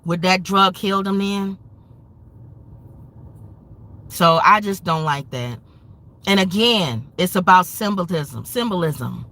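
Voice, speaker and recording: A woman's voice: on the low side, lively intonation, slow, pauses often, pushed and bright. A woman hosting a commentary show, speaking in an impassioned, angry, emphatic rant. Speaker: show host.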